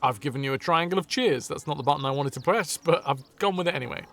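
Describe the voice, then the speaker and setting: A man's voice: on the high side, fast talker, a bit bright. A man livestreaming a video game, chatting casually, cracking jokes and thanking his viewers. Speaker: streamer. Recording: faint game music behind.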